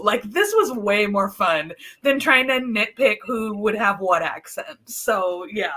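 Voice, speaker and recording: A woman guesting on a film podcast, chatting animatedly with quick asides and laughter. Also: mid-range voice, animated, pushed and bright. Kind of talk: casual film discussion.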